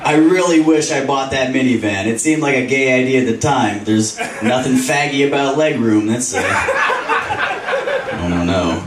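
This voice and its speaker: On a comedy club stage, a young stand-up delivers crude jokes at his own expense, chuckling as he lands them. His medium-pitched voice is very animated yet unhurried, recorded from a distance in a spacious, noisy room full of laughter.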